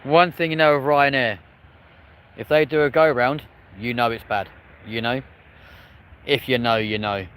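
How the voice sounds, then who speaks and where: With long pauses and an unhurried, steady delivery, this plane spotter live-streams from beside an airport on his phone. His mid-range voice is fairly bright over a slight hiss or hum, and he stays chatty and upbeat, calling viewers friends and folks.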